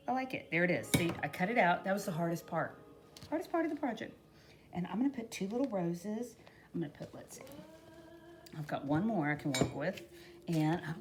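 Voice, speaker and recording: A woman's voice: medium pitch, sing-song, a little fast, noisy background. A middle-aged woman chatting folksily through a craft tutorial, talking to her viewers as y'all. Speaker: crafting vlogger. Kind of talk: casual craft tutorial chat.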